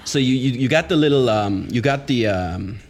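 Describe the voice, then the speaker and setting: A man's voice: mid-range voice, animated, normal speed. A man hosting a podcast in a studio, chatting casually and joking with lots of laughter. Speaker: podcast host. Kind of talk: casual chat.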